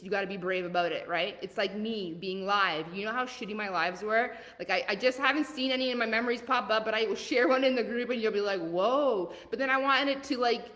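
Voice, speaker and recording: Energetic woman coach with a Southern accent. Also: fairly high pitch, in a large hall. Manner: energetic, blunt, motivational, asks questions and answers them. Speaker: leadership coach. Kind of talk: live coaching call.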